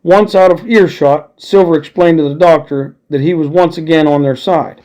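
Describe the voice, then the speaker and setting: Male storybook reader, easygoing, slightly high voice. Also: normal speed, darkish tone. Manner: casual, friendly asides to listeners. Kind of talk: reading a storybook aloud.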